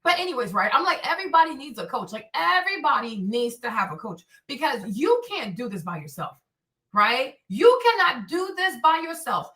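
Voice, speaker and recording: A woman hosting her own stream, talking in an animated, blunt way with plenty of profanity and repetition. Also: sits high, normal speed. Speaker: show host. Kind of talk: livestream commentary rant. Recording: echoey room, distant from mic.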